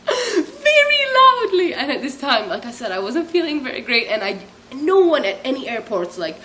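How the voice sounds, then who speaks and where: A young woman telling a rambling, animated travel story on her vlog, often breaking into laughter and imitating the people she met. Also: a little high, brisk, slight background noise. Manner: chatty, animated, bursts into laughing shrieks; mimics other people's voices in quotes. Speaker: vlogger. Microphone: hairbrush held as a pretend mic, real mic unseen.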